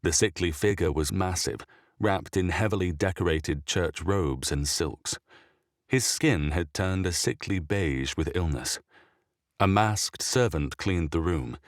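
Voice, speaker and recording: Male storyteller, deep voice, dry close sound, steady measured read. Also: no room sound. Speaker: narrator. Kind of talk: scripted story narration.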